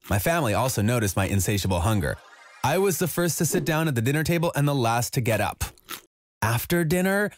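A man telling a scripted first-person story in an even, measured way. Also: mid-range voice. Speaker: narrator.

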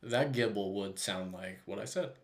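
A man's voice: lowish voice, moderate pace. A young man co-hosting a casual chat show, playful and giggling often. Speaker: podcast co-host.

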